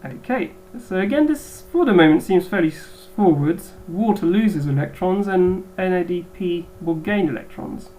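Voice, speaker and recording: A woman's voice: lowish voice, expressive, normal speed, few pauses, warm tone, rough recording. A woman biology teacher giving a recorded lecture, hesitant with frequent ums.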